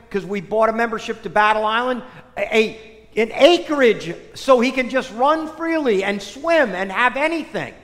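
A man preaching a sermon, telling stories in an animated way that swings between loud and soft. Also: extremely high pitch. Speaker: priest. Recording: long hall reverb.

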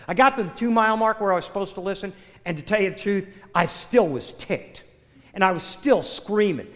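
An older pastor preaching in a sermon, his fairly high voice rising and dropping with lots of movement. He tells his story with animated swings between loud bursts and hushed asides. His words ring out with a long reverb, as in a large church hall.

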